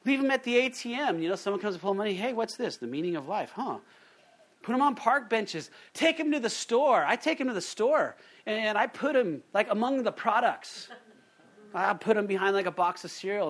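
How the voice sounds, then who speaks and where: A middle-aged pastor delivers a sermon in a voice pitched notably high for a man. He is a lively storyteller, slipping into different voices to act out the quotes he tells.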